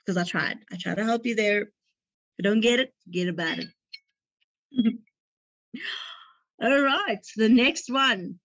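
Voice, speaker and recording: Slow, chatty woman quiz host. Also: mid-range voice, no echo. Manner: chatty, laughs at her own jokes. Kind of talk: reading quiz questions and options. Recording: dull dry lo-fi recording.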